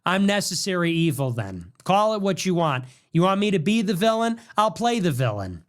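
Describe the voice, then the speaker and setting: A man's voice: high voice, big pitch swings, moderate pace. A young man hosting a podcast, delivering a combative political monologue and repeating his ultimatums in a mocking tone. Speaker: podcast host.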